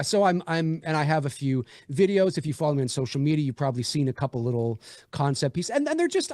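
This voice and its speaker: A man's voice: a little high, a little mellow, dry recording, studio quality. Rambling man chatting about his film. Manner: rambling, many fillers and restarts. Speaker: indie horror filmmaker. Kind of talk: casual livestream chat.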